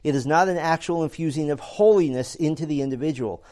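A man's voice: on the high side, fast, dark tone. A man giving a theology lecture in an earnest, explanatory way, often restarting phrases with fillers. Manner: earnest, repeats words while thinking, many fillers. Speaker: theology teacher. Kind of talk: classroom lecture.

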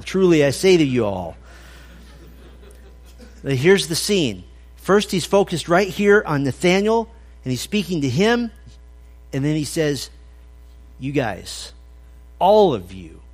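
A fairly high-voiced man delivers an expository sermon. He talks conversationally, then leans hard into quoted scripture for emphasis. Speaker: pastor.

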